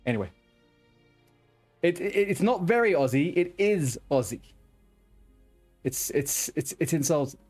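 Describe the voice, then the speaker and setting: A man streaming a game, chatting casually to viewers, swearing often and restarting his sentences. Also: fairly high pitch. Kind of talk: casual live-stream chat.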